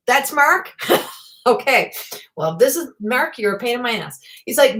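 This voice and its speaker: Middle-aged woman, medium doing a live reading; higher voice, rambling and excitable, salty language. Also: normal speed. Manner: rambling, excitable, swears freely. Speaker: psychic medium.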